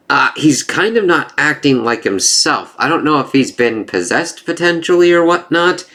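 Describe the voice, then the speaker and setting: A man casually reviewing a comic book issue, rambling and excitable, often reacting with "it's like" asides. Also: medium pitch, normal speed, few pauses.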